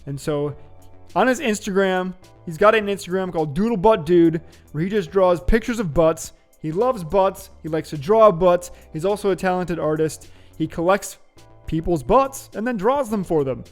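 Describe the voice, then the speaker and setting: A man's voice: sits high, moderate pace, faint music behind. A man hosting his own show, chatting in a playful, joking, upbeat way. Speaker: host. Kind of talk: casual vlog commentary.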